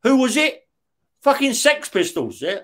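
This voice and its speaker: A middle-aged man, a former career criminal, tells stories as an interview guest in an extremely high, sing-song voice that's fairly bright and measured in pace. He swears constantly, laughs along the way, and keeps checking in with "yeah?".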